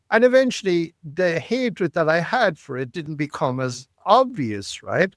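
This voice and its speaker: A man, telling life stories as a podcast guest, animated and repeating words, often tagging lines with "right?". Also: a little high, measured pace, hardly any pauses, no echo, clean studio sound. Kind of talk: storytelling interview.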